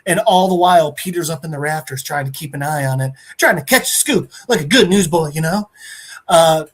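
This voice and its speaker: A man on a podcast, recapping a plot in a casual, animated way and briefly acting out the characters' lines. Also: on the high side, brisk. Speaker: podcast co-host.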